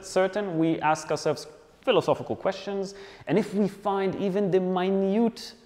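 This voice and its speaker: A man lecturing in a casual, joking way, with a slightly high voice for a man. He keeps checking in with the audience as he explains. His voice rings out with the long reverb of a lecture hall. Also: a little mellow. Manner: playful, chatty, checks in with the audience. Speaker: philosophy lecturer.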